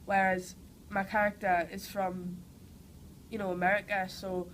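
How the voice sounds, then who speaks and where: A young actress with a cold talks enthusiastically in her Geordie accent during a casual interview, her speech full of "like" and "you know." She's from Newcastle, England, and speaks unhurriedly in a mid-range voice. The audio is poor, with a little hiss or hum.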